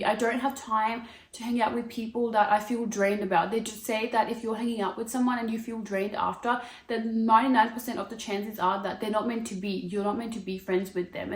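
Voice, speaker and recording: A woman's voice: fairly high pitch, steady tone, a little fast, hardly any pauses, roomy sound. A woman in her twenties chatting to camera as a lifestyle vlogger, gushing and filling her talk with "like" and "wow.". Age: 20s. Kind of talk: casual chat to camera.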